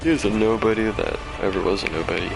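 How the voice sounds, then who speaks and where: A man's voice: on the low side, quick pace, gravelly, music in the background. A man streaming a video game, chatting casually and telling a rambling, self-deprecating story while he plays. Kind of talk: casual gameplay commentary and storytelling.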